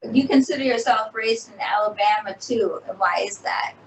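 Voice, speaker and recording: A woman's voice: mid-range voice, moderate pace. A woman hosting an interview, asking questions in a hesitant way with many fillers. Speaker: interview host. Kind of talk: casual interview. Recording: roomy, distant mic, faint noise.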